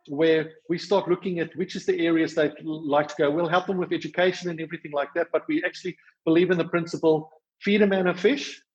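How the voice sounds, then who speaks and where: Speaking fast in a South African accent, a charity worker walks through his group's rescue efforts during a podcast interview, with many fillers and restarts along the way. His voice sits fairly high, and the recording sounds muffled.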